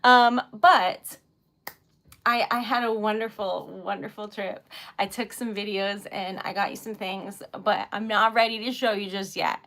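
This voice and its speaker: A woman's voice: medium pitch, fairly even intonation, measured pace, a bit bright. A young woman from New England chatting casually on a livestream while crafting, jet lagged, giggling often and rambling through stories. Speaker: livestream host making wax stickers.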